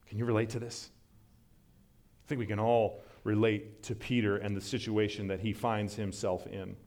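A man's voice: flat delivery, normal speed, darkish tone. A man preaching a sermon as pastor, earnest, with his voice climbing for emphasis. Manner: earnest, rises in pitch for emphasis and acted quotes.

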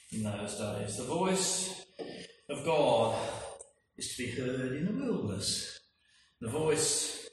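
A man preaching a sermon, emphatic and full of rhetorical questions, with slow, stressed phrases. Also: on the high side, fairly bright tone. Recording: echoey hall from far off, faint noise.

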